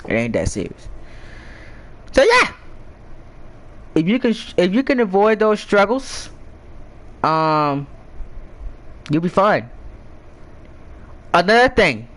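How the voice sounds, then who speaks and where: Lively rambling young man chatting. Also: high voice, low-quality recording. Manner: rambling, repeats and restarts words; playful, teasing. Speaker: gaming YouTuber. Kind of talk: casual advice chat to viewers.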